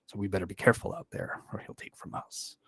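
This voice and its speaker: A man voicing nosy gossiping fighters, low voice. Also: lively intonation, fast talker, a bit bright, slightly rough, no room sound. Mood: gossipy. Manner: chatty, rumor-spreading quotes.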